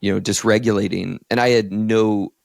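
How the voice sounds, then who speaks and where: A man in his thirties from Northeast Ohio talks candidly on his podcast, full of "like"s. His voice sits low with a gravelly edge. The sound is close and dry, with no room in it. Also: fairly even intonation, normal speed, no room sound. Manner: candid, heavy use of "like", emotional storytelling. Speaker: podcast co-host, therapist. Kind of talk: casual podcast conversation.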